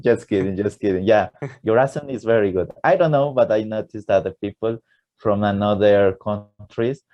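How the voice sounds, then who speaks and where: A man's voice: fairly low pitch, moderate pace, dull audio. A man from Ecuador with an Ecuadorian Spanish accent, a native Spanish speaker chatting eagerly as a podcast guest, laughing often and using simple learner grammar. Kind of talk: casual interview chat.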